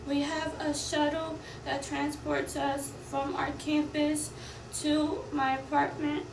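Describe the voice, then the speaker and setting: A young woman, a college student, giving a rushed, upset retelling of an incident. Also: high-pitched, little pitch movement, vocal fry, reverberant, recorded from a distance, background noise. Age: young adult. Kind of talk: recorded personal account.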